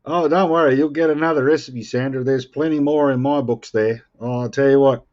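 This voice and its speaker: A man's voice: medium pitch, steady tone, a little fast, dull audio. An Australian man chatting casually with viewers on a live stream, joking and playfully defending himself. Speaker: livestream host.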